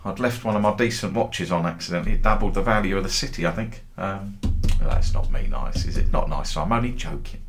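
A man's voice: sits low, expressive, brisk, vocal fry, few pauses, soft background music. A middle-aged man who hosts a football trading group, telling meandering anecdotes with dry humour and casual swearing.

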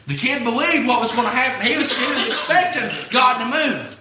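A man's voice: very high-pitched, brisk, few pauses, bright, forceful tone, echoey room, slight background noise. A man preaching a sermon, retelling a story in a folksy way with repeated "he said".

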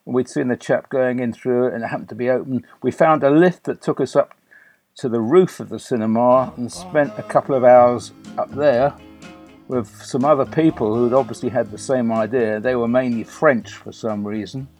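A man's voice: medium pitch, moderate pace, a little mellow, faint music behind. An older man from England recounting a story in a chatty, anecdotal way, with fillers and restarts. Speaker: guest. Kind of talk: conversational storytelling.

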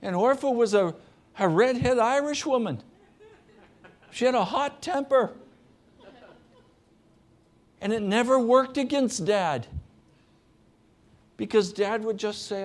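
A middle-aged man preaching a sermon as pastor, earnest, often dropping to a soft, low voice. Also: unhurried, pauses often.

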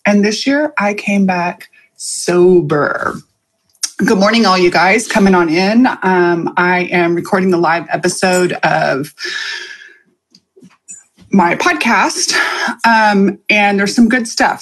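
A woman hosts her live podcast in a loose, conversational way, pausing on ums and laughing now and then. Her voice sits in a middle pitch with a husky edge. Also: expressive. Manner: chatty, with frequent ums and laughs. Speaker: podcast host and coach. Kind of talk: casual live podcast monologue.

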